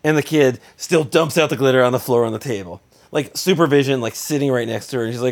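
A man in his thirties tells a casual anecdote with mounting exasperation. He talks at a middling pitch, jumps higher when he gets worked up, and slips into quick joking asides. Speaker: storyteller.

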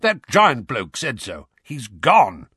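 A man voicing a blustering, bullying middle-aged uncle in an audiobook reading, loud and accusing. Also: mid-range voice, huge pitch swings, takes it slowly, husky, no echo, studio quality, voice pushed up, exaggerated voice.

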